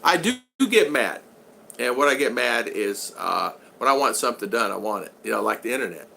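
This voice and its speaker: A man's voice: mid-range voice, very animated, a little fast, vocal fry, bright, forceful tone, a little hiss or hum. An older man telling rambling stories and answering his live chat, with many restarts and fillers. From United States. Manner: rambling anecdotal storyteller with frequent restarts. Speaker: vlogger reading live chat. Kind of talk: casual livestream chat.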